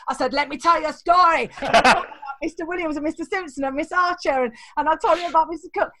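A woman in an interview, telling animated stories from her life and acting out the voices of the people in them, often laughing. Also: extremely high pitch, fast, no room sound. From England. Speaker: guest, teacher trainer. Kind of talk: storytelling interview.

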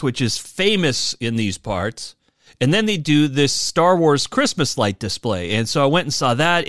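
A male podcast host with an easygoing, relaxed delivery and the odd "uh" filler. His voice sits in the middle range for a man. The recording is dry and close, with no room sound. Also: medium pitch, no echo. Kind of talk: casual chat and show wrap-up.

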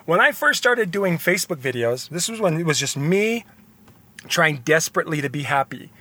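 A man's voice: on the high side, lively intonation, normal speed, pushed and bright, no room sound. A young man hosting a podcast, talking in an earnest, rambling, confessional motivational monologue. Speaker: podcast host.

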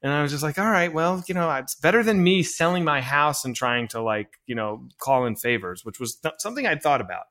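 A filmmaker telling a long story in a casual interview, full of fillers and restarts, acting out bits of dialogue. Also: male voice, fairly high pitch, a little fast, few pauses. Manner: animated anecdote-telling with many fillers and restarts; acts out quoted dialogue. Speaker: filmmaker guest.

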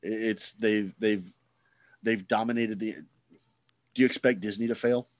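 Low-voiced rambling man, dry sound. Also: steady tone, a little slow, no room sound. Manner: rambling, self-interrupting, gloomy. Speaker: podcast co-host. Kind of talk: casual chat.

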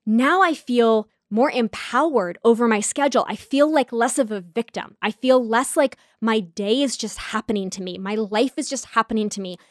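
Chatty, fairly high-voiced woman podcaster. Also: normal speed, few pauses, no echo, studio quality. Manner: candid, self-reflective, chatty with frequent asides. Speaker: podcast host. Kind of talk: casual solo podcast monologue.

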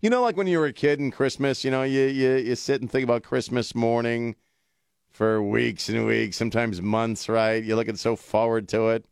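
A man's voice: mid-range voice, fairly even intonation, normal speed, gravelly, smooth, no room sound, studio quality. A man hosting a talk radio show, chatting bluntly and jokingly. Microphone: studio mic.

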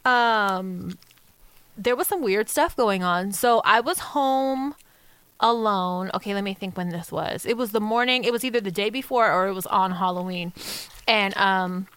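A woman's voice: mid-range voice, a little slow, a bit bright, clean tone, no echo. A woman co-hosting a podcast in casual chat, with giggly, teasing banter. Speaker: podcast co-host. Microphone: studio mic.

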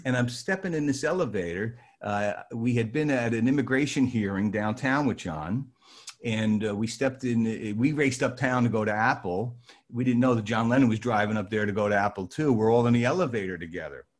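An older man spins anecdotes for a small audience in a loose, conversational way. His voice sits in a middle register and jumps higher when he acts out what others said. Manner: animated, acts out quoted voices with rising pitch. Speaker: storyteller addressing a live audience. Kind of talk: casual anecdotal storytelling.

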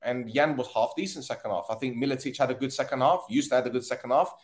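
A man's voice: mid-range voice, quick pace. Casting: male podcast host, fed up after a loss, sarcastic, swears freely. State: tired. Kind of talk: casual post-match rant.

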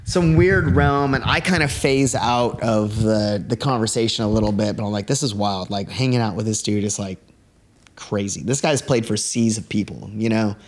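A man's voice: on the low side, moderate pace. A man chatting casually as a podcast guest, rambling through a story and leaning on 'like' constantly. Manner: rambling, heavy use of 'like'. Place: living room.

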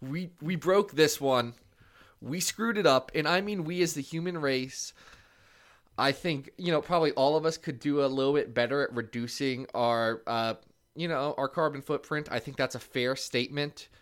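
A man's voice: fairly high pitch, moderate pace, fairly bright tone. A young man co-hosting a casual podcast, rambling and joking at his own expense. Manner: rambling, jokey, self-deprecating. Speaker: podcast co-host.

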